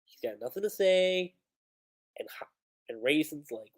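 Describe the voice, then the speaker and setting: A man giving casual, excitable commentary on a manga chapter during a livestream. He talks with lots of "like" fillers. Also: on the high side, unhurried. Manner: excitable, animated, full of "like" fillers, breaks into laughter.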